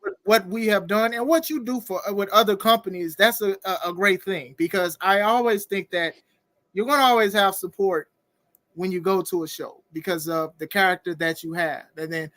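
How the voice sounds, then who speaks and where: A man hosting a podcast interview in casual chat, animated and laughing often, reading viewer comments aloud. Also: sits high, moderate pace, no echo. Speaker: podcast host.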